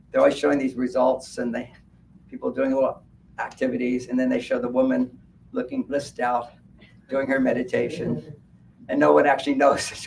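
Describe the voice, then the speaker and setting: A man giving a live talk at a fair, animated and laughing at his own points as he acts out little quotes. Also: fairly high pitch, vocal fry. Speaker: speaker at a wellness fair. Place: event room at a hotel fair. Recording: distant mic with faint background noise.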